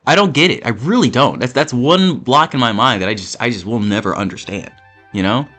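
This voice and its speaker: Animated, swearing man ranting over gameplay. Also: mid-range voice, brisk. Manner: animated, profane, repeats himself. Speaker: gaming channel host.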